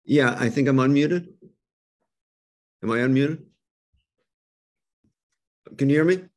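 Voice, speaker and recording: An older man speaks as a guest rabbi over a video call, his voice at an ordinary middle pitch. He talks in a halting, thoughtful way with frequent restarts. He then builds his points through rhetorical questions. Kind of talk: reflective interfaith talk.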